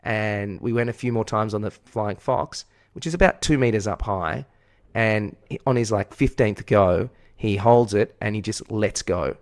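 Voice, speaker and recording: Aussie guy, lowish voice, swears a lot, pokes fun at himself telling a story, dry sound. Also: a little slow, no room sound. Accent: Australian. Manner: candid, profane anecdote-telling. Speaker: podcast co-host. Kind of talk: casual chat, storytelling.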